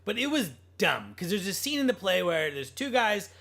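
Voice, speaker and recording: A man co-hosting a casual podcast chat, blunt and animated, swearing freely as he talks. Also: high voice, moderate pace, gravelly. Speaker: podcast co-host.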